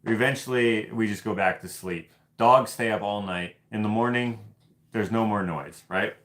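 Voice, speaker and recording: A man from Canada hosting a casual livestream, telling stories in an animated, laughing, loosely profane way. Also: lowish voice, moderate pace. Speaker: host of live hangout stream.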